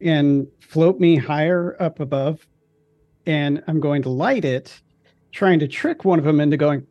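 A man's voice: fairly high pitch, measured pace, no echo, highs cut off. A man playing a tabletop game, playful and a bit theatrical. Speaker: player.

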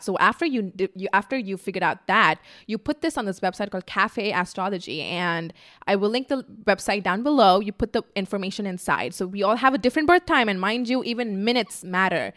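A woman's voice: medium pitch, a little fast. A young woman in a casual talking-to-camera vlog, speaking bluntly and emphatically, swearing freely and acting out the voices she quotes. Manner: animated, acts out quotes. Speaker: vlogger.

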